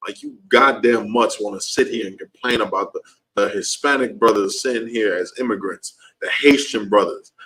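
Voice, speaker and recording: A man's voice: fairly low pitch, normal speed, bright, forceful tone, breathy edge, rough recording. A man teaching a class in an impassioned preaching style, heated and repetitive, his voice leaping upward when he gets worked up.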